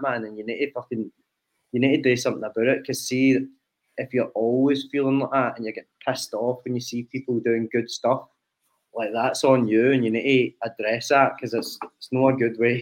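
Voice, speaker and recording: A man's voice: medium pitch, lo-fi sound. A young Scottish man co-hosting a podcast, talking frankly and reflectively with plenty of swearing. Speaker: podcast co-host, online coach. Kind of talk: casual chat.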